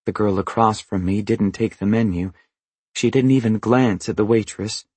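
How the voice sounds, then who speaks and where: A man reading a first-person novel aloud, even and understated in his delivery. His voice is low and slightly husky, caught close on a dry mic with no room sound at all. It stays matter-of-fact throughout. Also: moderate pace, no echo. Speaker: audiobook narrator. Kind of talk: first-person literary narration.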